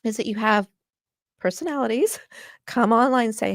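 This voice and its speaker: A woman's voice: on the high side, moderate pace, creaky, no echo, clean studio sound. A woman from Washington State speaking as an interview guest, earnest and impassioned, often moved to emotion. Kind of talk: conversational interview.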